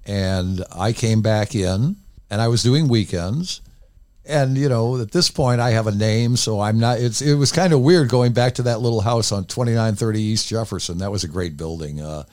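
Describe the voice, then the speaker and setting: A man's voice: on the low side, moderate pace, a little mellow, no echo. An older man, a former radio DJ, tells candid stories in a casual interview and rambles into many asides.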